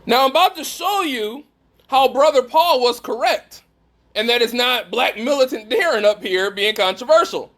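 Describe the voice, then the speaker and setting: Very high-voiced man preaching emphatically. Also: animated, normal speed, a bit bright. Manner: emphatic, questions the listeners directly. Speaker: speaker at a faith gathering. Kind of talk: preaching talk to a live group.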